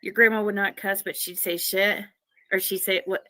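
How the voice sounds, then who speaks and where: A woman chatting casually on a livestream, unhurried and musing aloud as she searches for words. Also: mid-range voice, steady tone, bright, forceful tone, no echo.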